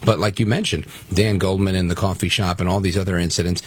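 A man's voice: deep voice, fairly even intonation, quick pace, slightly rough, no room sound. A man from Brooklyn guest-hosting a political talk radio show, speaking emphatically and taking callers. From Brooklyn, New York. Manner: emphatic, conversational, takes callers.

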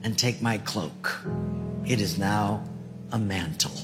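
A preacher voicing God, calm and firm. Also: male voice, on the high side, normal speed, over loud music. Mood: tender. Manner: calm, repeating firm commands. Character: God, a patient, fatherly and gently insistent voice.

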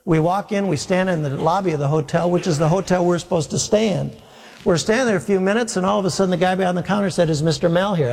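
A male pastor telling a humorous, self-deprecating story in a sermon, with lively acted-out quotes. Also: high-pitched, quick pace. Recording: long hall reverb.

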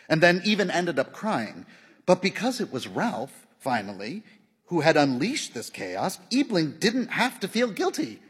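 A man with a slightly husky voice reads a literary novel aloud, with lively ups and downs in pitch. His measured storytelling carries a long reverb tail. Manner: measured storytelling, softening and lifting his voice for the dialogue. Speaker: audiobook narrator. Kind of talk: scripted narration of a literary novel.

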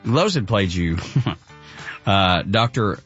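A man hosting morning radio talk, excitable and jokey, laughing often. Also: low-pitched, slow, slightly rough, dull audio, soft background music. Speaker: radio host.

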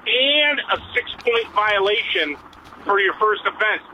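A man's voice: high voice, animated, a little slow. A middle-aged retired police officer calling in to a radio show from his car, talking emphatically and repeating himself. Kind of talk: phone-in call while driving. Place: in a moving car. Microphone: hands-free phone. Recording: dull phone line with road noise. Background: faint vehicle noise.

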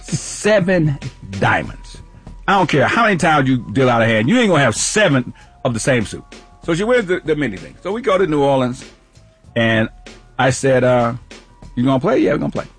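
Man, radio co-host, animated storyteller, laughing, faint music behind. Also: medium pitch, moderate pace, breathy edge. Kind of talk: casual storytelling.

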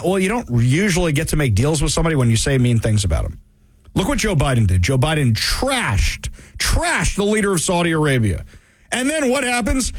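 A man's voice: high-pitched, slightly rough, dry recording. A man hosting a political commentary show, delivering an emphatic opinion monologue full of rhetorical questions. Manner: emphatic, rhetorical questions, mocking quoted voices.

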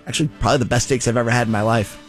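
A man's voice: mid-range voice, steady tone, very fast, faint music behind. A man hosting a political commentary show, talking in a loose, chatty and sarcastic way. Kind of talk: casual commentary.

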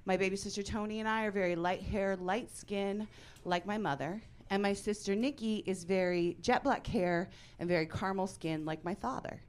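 A woman in her forties performing a stand-up comedy set, telling stories in a deadpan way that breaks into loud outbursts. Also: mid-range voice, moderate pace, clean tone.

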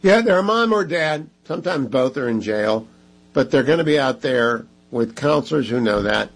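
A man hosting a talk radio show, making brisk, emphatic appeals to listeners with chatty asides. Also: medium pitch, expressive, poor audio. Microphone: studio microphone.

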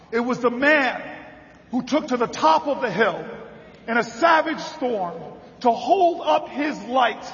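A man with a very high, strained voice delivers a rousing speech in a large hall, the long reverb trailing his words. He shifts from storytelling to shouted rallying calls, with a faint crowd underneath and a slightly dull sound. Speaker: politician giving a convention speech.

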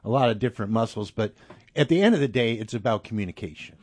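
A man's voice: fairly low pitch, expressive, fast talker, a little mellow, no echo. A man hosting a music show, chatting casually and encouragingly with his guest, with lots of "you know.". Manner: chatty, encouraging, filler-heavy. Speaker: radio show host. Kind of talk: casual interview conversation.

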